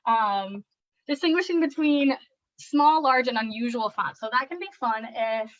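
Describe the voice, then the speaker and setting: Young woman speech therapist, kinda high voice, chatty parent lesson with lots of ums, gets all singsong reading the kids book, dull dry recording. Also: measured pace, no echo. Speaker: speech-language pathologist. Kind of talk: presenting a parent lesson on early literacy.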